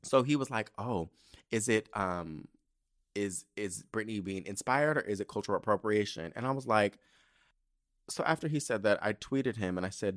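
Sassy, profane man ranting on a podcast. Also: normal speed. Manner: sassy, profane, animated swings in pitch and loudness. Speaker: podcast host. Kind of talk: casual solo podcast rant.

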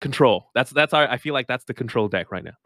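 A man guesting on a casual podcast, talking in a relaxed, chuckling way. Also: medium pitch, fast, no room sound, clean studio sound. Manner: laid-back, chuckles between lines. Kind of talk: casual chat.

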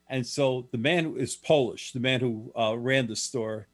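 A man's voice: mid-range voice, normal speed, few pauses. Matter-of-fact male guest telling stories. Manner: plain, matter-of-fact storyteller with many restarts. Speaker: guest author. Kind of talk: storytelling in a radio interview.

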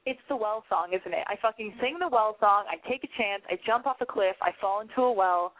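A woman's voice: medium pitch, brisk. A woman hosting a call-in show, chatting in a rambling, blunt, casual way. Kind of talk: casual call-in advice and banter. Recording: tinny phone-like line, dry.

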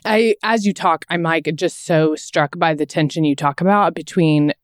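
A woman's voice: sits low, moderate pace, no echo, studio quality. A woman co-hosting a podcast, talking in a heartfelt, meandering way and leaning often on filler words. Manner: heartfelt, rambling with frequent "like". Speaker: podcast co-host. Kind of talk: conversational interview.

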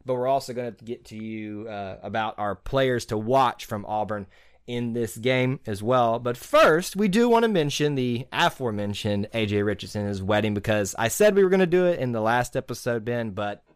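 A man's voice: medium pitch, expressive, moderate pace, smooth, no echo, clean studio sound. A man hosting a casual sports podcast, joking, rambling and laughing easily. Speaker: podcast host.

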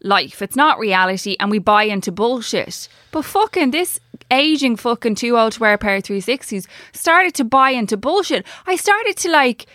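Irish woman, 30s, podcast co-host; bright, sweary storyteller, dry close sound. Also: fairly high pitch, lively intonation, normal speed, no echo. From Ireland. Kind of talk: casual chat.

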